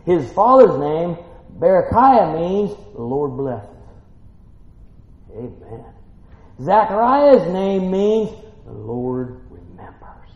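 A man with a slightly raised pitch delivers a casual, folksy sermon, drifting from low musing into bursts of excitement. His voice rings through an echoey church room. The recording is dull and muffled. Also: slow pace. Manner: folksy, animated, swings from quiet musing to excited exclaiming. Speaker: preacher. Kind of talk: sermon, Bible teaching.

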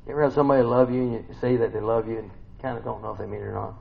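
A man giving an informal sermon to a small group. He keeps asking the listeners questions and swings between soft murmurs and loud bursts. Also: medium pitch, level tone, very fast, gravelly. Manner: conversational, asks the listeners many questions. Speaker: preacher. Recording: slightly dull recording with faint noise.

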